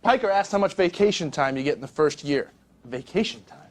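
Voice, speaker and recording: A man's voice: animated, a little fast, natural voice. An actor in his twenties playing a brash, profane young stockbroker boss in a film monologue. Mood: boastful. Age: 20s. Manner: brash, profane recruiting pitch. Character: cocky young rich male broker, swaggering.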